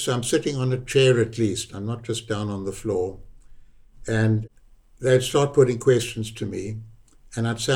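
This is an older man with a South African accent, speaking as a guest in an interview. He tells his story at a very slow, deliberate pace with a voice of middling pitch. He often circles back and repeats a word to give it weight. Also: a little mellow. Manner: unhurried, repeats words for emphasis. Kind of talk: reflective personal storytelling.

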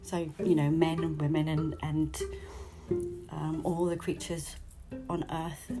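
A woman's voice: low-pitched, fairly even intonation, slow pace, over music. A woman teaching a poetry lesson, reading lines aloud and rephrasing them in a chatty way. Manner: chatty, stops to explain and rephrase.

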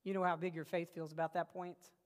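A man preaching a sermon, telling stories with passion and swinging between loud bursts and hushed lines. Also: a little high, little pitch movement, fast. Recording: long reverb of a large hall.

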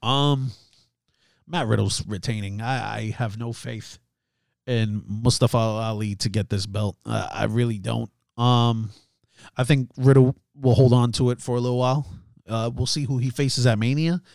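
A man's voice: medium pitch, fairly even intonation, moderate pace, gravelly, a little mellow. A man hosts a laid-back solo commentary in an ordinary mid-range voice. He rambles, stumbles over words and laughs at his own slips. The sound is dry and close, with no room echo. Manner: chatty, laughs at himself, many fillers and restarts. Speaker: podcast host.

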